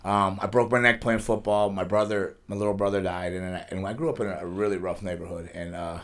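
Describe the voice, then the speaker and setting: A man's voice: low voice, little pitch movement, a bit bright. A middle-aged man, a pro wrestler, telling rambling life stories in a casual studio interview. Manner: fast, rambling storytelling with frequent restarts and laughs.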